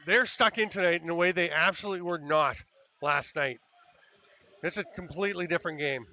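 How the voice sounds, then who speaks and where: A man calling a lacrosse game as play-by-play commentator, chatty and excitable on goals, with apologetic asides between plays. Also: high-pitched. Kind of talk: sports commentary. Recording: slightly dull lo-fi broadcast with faint noise.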